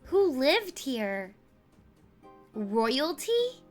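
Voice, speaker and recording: A woman's voice: sits high, very animated, drawn-out words, faint music behind. A young woman streamer chatting and joking as she reacts live, with frequent fillers.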